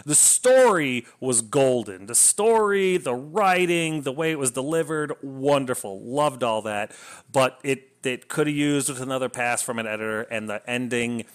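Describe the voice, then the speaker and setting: A man's voice: medium pitch, expressive, moderate pace, clean tone. A man casually reviewing a novel, enthusiastic and rambling, often restarting his sentences. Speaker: book reviewer.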